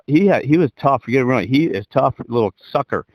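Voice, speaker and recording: A middle-aged man spinning a story in loose, profane chat, restarting his sentences and laughing along. His voice sits at an ordinary pitch. The recording is dry and close. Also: animated, quick pace, no room sound, highs cut off. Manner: rambling, profane, laughs while telling. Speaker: podcast co-host.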